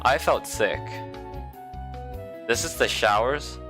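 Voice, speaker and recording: A man narrating a visual novel for a let's play, his bright voice leaping around lively and expressive. He mixes story reading with wry, sarcastic jokes while soft game music plays behind him. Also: medium pitch, slow pace. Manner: wry, sarcastic, playful commentary. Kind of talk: reading a visual novel aloud with jokey asides.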